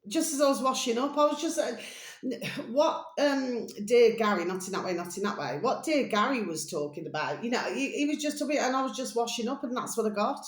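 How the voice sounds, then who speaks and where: A woman's voice: a little high, lively intonation, a little fast. An English woman hosting her own channel, talking in a meandering, chatty monologue that keeps wandering off and coming back, with fond pet names for her listeners. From England. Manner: chatty, meandering, calls listeners "my delicious babies". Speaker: channel host. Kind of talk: rambling casual monologue. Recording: roomy echoey home room.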